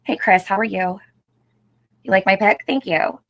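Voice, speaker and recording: A woman's voice: medium pitch, moderate pace, gravelly, a bit bright, rough recording. A middle-aged woman hosting a casual livestream, chatting, greeting viewers by name and laughing often. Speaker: livestream host.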